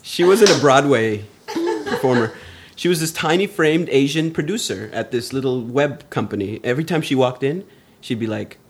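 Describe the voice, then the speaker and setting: A man chatting casually with friends, animated, laughing often and swearing casually. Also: mid-range voice, moderate pace, a little hiss or hum. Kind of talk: casual chat.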